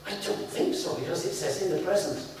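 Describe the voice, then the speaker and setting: Northern English preacher in an echoey hall. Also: male voice, high voice, fairly quick, background noise. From north of England. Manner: animated, playful, whoops and jokes with the congregation. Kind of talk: sermon. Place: church hall. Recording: very echoey hall, picked up from a distance.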